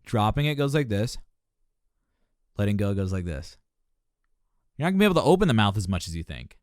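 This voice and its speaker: A man's voice: fairly low pitch, brisk, no echo, studio quality. A man working as a vocal coach, giving passionate, joking commentary while reacting on a live stream. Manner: passionate, joking, animated teaching.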